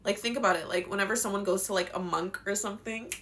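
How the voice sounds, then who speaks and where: A woman's voice: medium pitch, fast talker, fairly bright tone, slight background noise. A young woman giving spiritual life advice in a casual, passionate, slangy talk, swearing now and then. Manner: passionate, slangy, swears, acts out quotes in voices.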